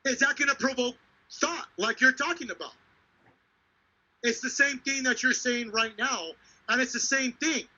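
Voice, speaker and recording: A man with a very high, sharply bright voice tells a story in a heated, profane and emphatic way. He is hosting a live talk show. The recording is dull and lo-fi. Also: moderate pace, pauses often. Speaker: show host. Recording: dull lo-fi sound.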